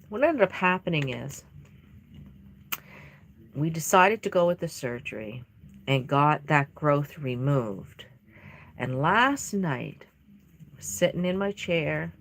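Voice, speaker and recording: A fairly low-pitched woman whose voice swoops up and down with lively expression. She chats casually while working on a live stream and drifts into long, rambling stories. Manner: rambling storyteller, chatty and expressive. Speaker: doll artist streaming live. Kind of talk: casual chat while painting.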